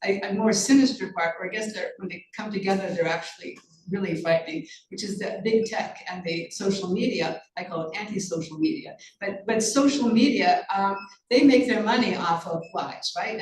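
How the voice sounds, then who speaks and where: Speaking at normal speed in a mid-range voice, this woman from Canada, an author and journalist, answers interview questions in a conversational exchange. She's earnest and intense, repeatedly cutting off and restarting, with lots of fillers; a roomy echo and a bit of mic distance are audible.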